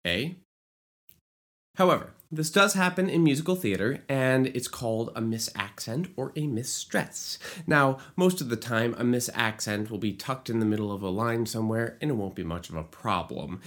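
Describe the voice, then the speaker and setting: An animated explainer voice with a lot of pitch movement, walking through how lyrics fit melodies. Between the teaching points come playful asides and jokes, and the speaker now and then sings a short lyric to show the point. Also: normal speed. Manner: playful asides, jokes about own bad accent. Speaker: musical theater writer teaching lyric writing. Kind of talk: educational video explainer.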